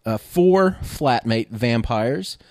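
A man's voice: medium pitch, animated, takes it slowly, a little mellow, no echo, clean studio sound. A man co-hosting a podcast, reviewing TV and movies in a rambling, casual way, full of fillers and restarts. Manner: rambling, hesitant with many fillers. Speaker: podcast co-host. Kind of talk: casual chat reviewing TV and film.

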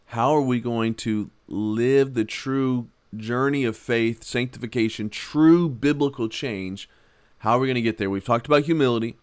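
A man teaching a Bible lesson on his podcast, telling a self-mocking everyday story in a conversational way, then gently urging listeners on. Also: mid-range voice, dry recording. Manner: earnest, gently exhorting. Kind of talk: casual devotional podcast talk.

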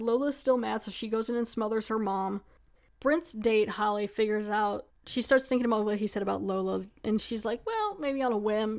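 A young woman talks through a movie plot in a loose, conversational way. Her voice sits at an ordinary middle pitch. She fills her sentences with "like" and drops dry little asides. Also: darkish tone. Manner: chatty, frequent "like" fillers, wry asides. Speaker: movie reviewer. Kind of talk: casual spoiler-heavy film recap.

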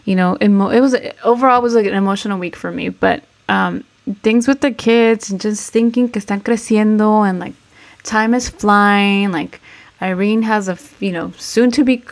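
A woman in her thirties chats as a podcast co-host. Her voice has a gravelly, creaky edge. She talks in a halting, reflective way and slips between English and Spanish mid-sentence. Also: medium pitch, animated. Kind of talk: casual chat.

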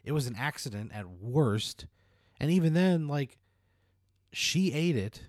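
A man's voice: mid-range voice, expressive, measured pace, a little mellow, no room sound, studio quality. A man in improvised comedy banter who argues back in an exasperated, protesting way and swears often.

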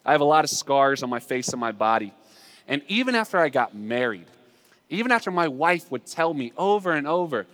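A man preaching a sermon, swinging between loud emphatic lines and hushed asides. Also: a little high, big pitch swings, a little fast, big-room sound. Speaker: pastor.

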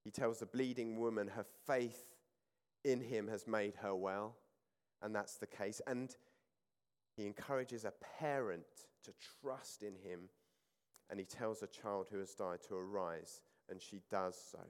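A man preaching a sermon, reading scripture aloud with rising emphasis and then explaining it in calm, conversational reflection. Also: on the low side, a little slow. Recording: church hall with long reverb.

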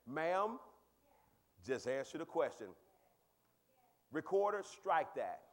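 A male pastor preaching a sermon, talking with the congregation and swinging from quiet asides to loud, high exclaims, with quick repeats of words. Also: sing-song. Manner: conversational, asks the congregation questions.

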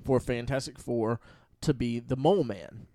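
A man co-hosting a casual movie chat, relaxed and hesitant, with many pauses and ums. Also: mid-range voice, no room sound, clean studio sound. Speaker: podcast co-host.

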